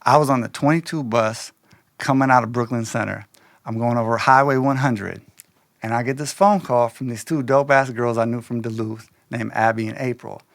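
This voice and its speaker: A man telling a personal story in loose, slangy, animated casual talk, slipping into quoted voices. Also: mid-range voice, moderate pace, vocal fry, dry recording, clean studio sound.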